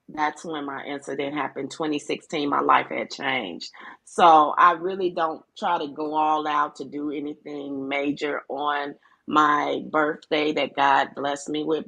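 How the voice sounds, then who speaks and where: A woman guest telling her own story on a talk show, speaking hesitantly with many restarts and pauses. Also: low voice, vocal fry, a bit bright. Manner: hesitant, with frequent restarts and fillers. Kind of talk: personal testimony on a talk show.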